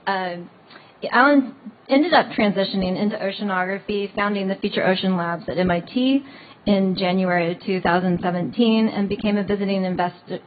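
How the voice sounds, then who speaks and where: Amused woman moderator on a tinny line. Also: mid-range voice. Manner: light, amused, reading bios. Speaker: panel moderator. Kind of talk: introducing speakers.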